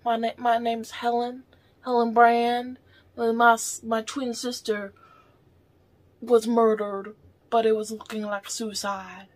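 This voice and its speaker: A woman putting on a Southern US accent to play a woman whose twin sister was murdered, speaking haltingly. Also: on the high side, level tone. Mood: earnest. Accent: put-on Southern US. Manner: halting, stumbling mimicry.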